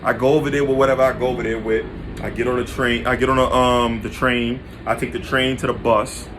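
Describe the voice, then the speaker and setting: A man's voice: medium pitch, little pitch movement, a little fast, noisy background. Candid man telling a personal story. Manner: casual slang-heavy, restarts, direct asides to listeners. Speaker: podcast storyteller. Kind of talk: confessional storytelling to an audience.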